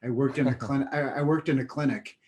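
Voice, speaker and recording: A man's voice: mid-range voice, steady tone, a little fast, darkish tone, a little hiss or hum. Earnest male podcast host. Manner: earnest, conversational, says "man" and "like". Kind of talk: casual podcast interview.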